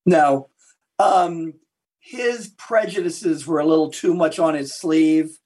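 Guy historian telling war stories on a podcast, kinda high husky voice, acts out all the quotes. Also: takes it slowly. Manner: animated anecdote teller who acts out quotes. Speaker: guest historian and author. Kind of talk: interview storytelling.

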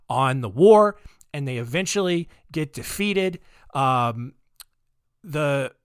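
A man's voice: on the high side, a bit bright, dry recording, studio quality. A male podcast host telling history stories in a joking, rambling way full of asides. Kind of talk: comedic history storytelling.

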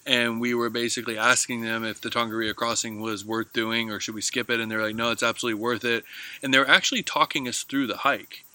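A man's voice: medium pitch, fairly even intonation, brisk, hardly any pauses, pushed and bright, no echo. A man co-hosting a casual travel podcast, speaking in a reflective, earnest and encouraging way. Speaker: podcast co-host.

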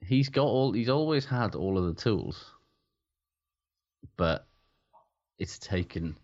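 A man co-hosting a casual sports chat, laughing often and swearing freely. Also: deep voice. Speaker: podcast co-host. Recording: dull lo-fi sound.

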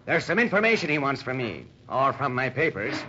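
An actor playing a hearty sea captain who speaks in nautical slang in a radio drama, from a dull old radio recording. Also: male voice, medium pitch, sing-song, brisk, pushed and bright, a little hiss or hum.

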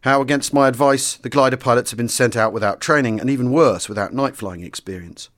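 A male audiobook reader carrying a first-person wartime memoir in a steady, formal and measured way. His pitch sits in the ordinary middle range for a man. He delivers the story as polished scripted narration.

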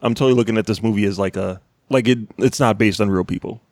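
A man co-hosting a podcast in casual chat, enthusiastic and animated, swearing freely. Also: on the low side, fast talker, no echo, studio quality. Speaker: podcast co-host.

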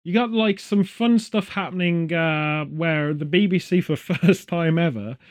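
A man's voice: on the high side, a little slow. A man hosting a casual podcast chat, rambling from one story to the next with jokey asides and puns. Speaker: podcast host.

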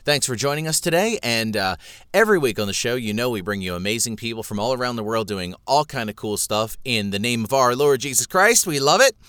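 A man's voice: mid-range voice, lively intonation, brisk, a bit bright, smooth, dry recording. A man hosting a podcast, introducing his guest in an upbeat, joking way. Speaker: podcast host. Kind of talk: casual podcast interview.

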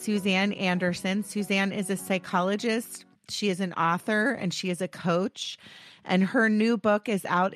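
A woman hosting a podcast, talking in a halting, heartfelt way with many pauses and ums as she gets emotional. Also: lowish voice, fairly bright tone, no echo, studio quality. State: getting emotional. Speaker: podcast host.

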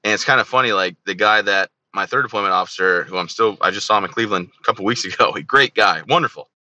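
A man in his thirties talks fast in a lowish, forceful voice, cracking jokes and acting out quoted dialogue as he tells army stories. His voice sounds dull and lo-fi, in a dry room with no echo. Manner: joking, animated storyteller who acts out quoted dialogue. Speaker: podcast guest, army veteran. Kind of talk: casual interview storytelling.

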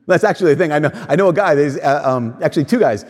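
A man's voice: on the high side, lively intonation, fairly quick, a little mellow. Man preaching a casual sermon. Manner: conversational storytelling, acts out quoted voices. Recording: long church reverb.

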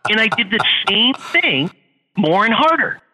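Middle-aged man, interview guest, animated storyteller, husky and very bright, roomy long-reverb sound. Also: high voice, measured pace. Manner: animated, repeats phrases for effect. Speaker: guest, author and entrepreneur.

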